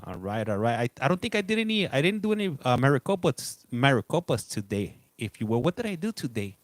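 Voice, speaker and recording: A middle-aged man hosts a casual live stream, chatting loosely and greeting viewers by name. His medium-pitched voice swings widely in pitch, he talks fairly quickly, and there's no room sound.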